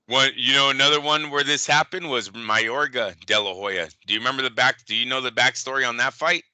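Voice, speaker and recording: A man's voice: mid-range voice, a little fast, sharp tone, no room sound. A man co-hosting a casual boxing talk show, telling stories animatedly, swearing freely and mimicking people. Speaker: podcast co-host. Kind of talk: casual chat.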